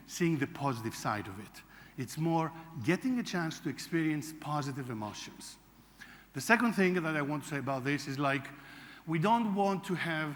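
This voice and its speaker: A man from Greece, a psychology lecturer giving an animated conference talk and acting out quotes. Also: on the high side. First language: Greek. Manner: animated storytelling, acts out quotes. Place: large conference hall. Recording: reverberant hall.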